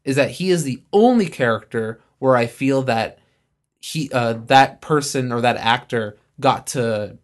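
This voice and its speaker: A man's voice: mid-range voice, lively intonation, a little slow. A man co-hosting a podcast, chatting loosely about a film he just saw, with lots of fillers. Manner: loose, filler-heavy movie talk. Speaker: podcast co-host. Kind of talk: casual chat.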